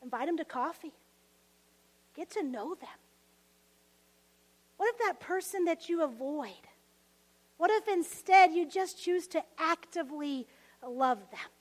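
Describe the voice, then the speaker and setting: A woman pastor delivers an impassioned sermon in a high, bright voice. She speaks slowly and deliberately, pressing hard on some lines and dropping to a whisper on others. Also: expressive, big-room sound, poor audio. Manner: impassioned, swinging between emphatic and whispered.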